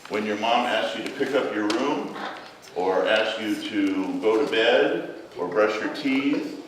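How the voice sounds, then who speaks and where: A man giving a children's message in church, gently telling a story and asking the children questions. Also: fairly low pitch, animated, unhurried. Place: large church hall. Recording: echoey hall, mic far off, room noise.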